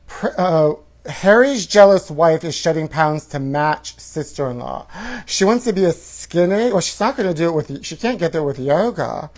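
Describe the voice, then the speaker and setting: A man's voice: on the high side, animated, normal speed. Sassy gossiping man reading tabloids. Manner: sassy, gossipy, calls the listener honey. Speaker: comedy show host. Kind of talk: campy comedic reading of tabloid headlines.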